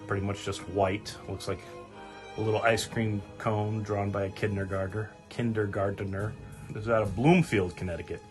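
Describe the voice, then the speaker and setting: A man hosting a casual podcast, jokey and animated, swearing casually as he talks. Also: lowish voice, normal speed, over music. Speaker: podcast host.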